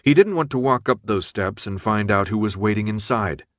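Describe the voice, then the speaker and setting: A man reading a novel aloud as narrator, in a steady, measured manner. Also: fairly low pitch, no room sound, studio quality. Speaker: audiobook narrator. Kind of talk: scripted narration.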